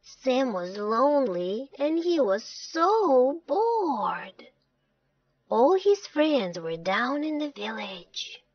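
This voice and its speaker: A woman storyteller narrating a children's storybook in a slow, expressive way. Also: high voice. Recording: dull lo-fi dry recording.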